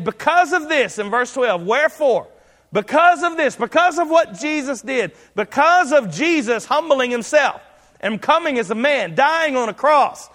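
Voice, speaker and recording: A man preaching a sermon, emphatic and building to shouts on key lines. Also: very high voice, big-room sound.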